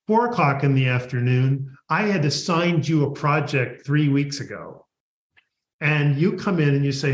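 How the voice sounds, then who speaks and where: A man's voice: mid-range voice, lively intonation, moderate pace. A man, a guest author, answering an interview and animatedly acting out workplace dialogue. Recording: echoey room.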